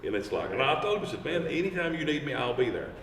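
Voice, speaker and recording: A firefighter, telling stories in a casual chat and acting out the quotes with lively energy. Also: male voice, mid-range voice, fast talker. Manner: animated, acts out quotes. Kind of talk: casual storytelling. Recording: roomy, distant mic with background hum.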